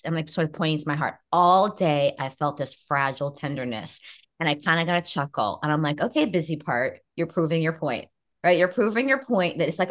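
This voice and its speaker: A woman therapist talking as a podcast guest, animated and acting out her own inner voices. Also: sits low, fairly quick. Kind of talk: casual podcast chat.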